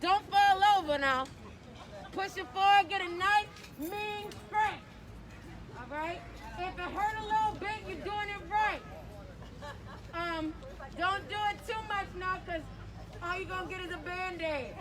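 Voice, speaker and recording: A woman's voice: very high voice, a little slow, pauses often, background noise. A woman leading a crowd through stretches at an outdoor rally, joking and chatty as she calls out moves. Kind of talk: playful outdoor crowd instruction.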